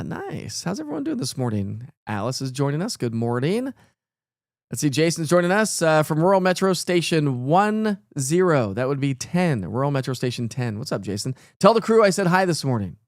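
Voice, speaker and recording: A man's voice: a little high, dry recording, clean studio sound. A middle-aged man, hosting a casual live weather stream and greeting viewers by name. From East Tennessee.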